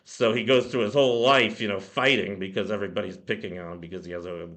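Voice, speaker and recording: A man with a low, bright, forceful voice talks through a favorite song at home. He rambles casually, leaning on fillers and restarts, as if chatting to viewers from his computer mic. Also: steady tone, quick pace. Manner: rambling, many "you know" fillers. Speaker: music blog host. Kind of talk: casual spoken song commentary. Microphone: computer microphone.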